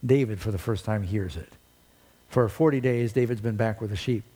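A man's voice: on the low side, moderate pace, mellow. A male preacher giving a sermon, retelling a story with dramatic storytelling and rhetorical questions.

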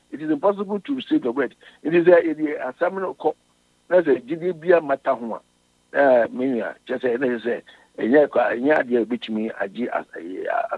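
Raspy preacher on tinny radio. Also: male voice, fairly high pitch, dry recording. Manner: reads scripture in English, then explains it in Twi; halting, with frequent restarts. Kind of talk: sermon.

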